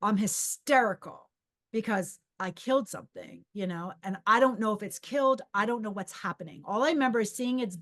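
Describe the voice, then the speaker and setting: A middle-aged woman telling a story casually on her own podcast. She talks in a loose, animated ramble, restarts her sentences and acts out what she was thinking. Her pitch sits in the ordinary middle range for a woman. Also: a little fast. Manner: animated, rambling, with many restarts and acted-out inner voices. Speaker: podcast host and psychic medium.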